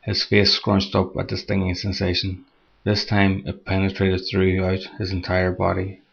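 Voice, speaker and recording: A man narrating a scripted horror story in a steady, measured reading, on a dull lo-fi recording. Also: low-pitched, gravelly, breathy edge.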